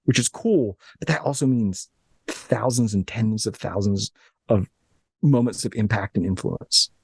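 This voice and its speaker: A man in his late thirties from Alabama, a guest telling animated, joking stories from his office with frequent restarts. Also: lowish voice, a little slow, gravelly, husky, no room sound, studio quality. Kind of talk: casual interview chat.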